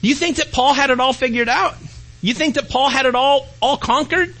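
A man preaching a sermon as pastor, swinging between loud and hushed delivery. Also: very high-pitched, moderate pace, poor audio.

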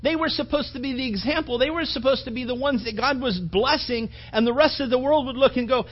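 A man's voice: very high-pitched, brisk, hardly any pauses, dull audio. A man pastor preaching a sermon in a casual, emphatic way, with frequent repetitions and asides to the congregation.

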